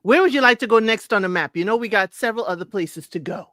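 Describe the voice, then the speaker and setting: A co-host in a casual livestream chat, speaking at a middle pitch and recapping episodes with frequent ums. The voice is close and dry, with no room sound. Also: fast talker, fairly bright tone, no echo. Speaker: podcast co-host.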